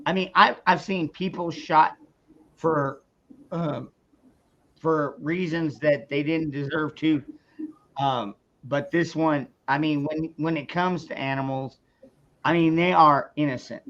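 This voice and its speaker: A man's voice: a little high, a bit bright. A man ranting on a casual livestream, angry and profane, stumbling through restarts as he talks. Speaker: streamer. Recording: dull lo-fi sound.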